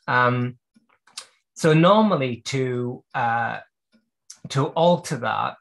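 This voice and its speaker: A man's voice: mid-range voice, extremely slow, gravelly, fairly bright tone. A man teaching clock repair during a live video call, working at a bench and thinking aloud as he explains each step. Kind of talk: live workshop demonstration.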